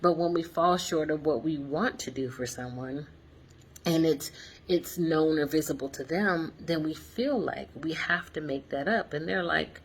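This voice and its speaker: A woman's voice: sits low, measured pace, slight background noise. A woman in her forties chatting earnestly to viewers from a hotel room, telling a personal story with lots of fillers. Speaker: vlogger. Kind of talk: casual reflective vlog.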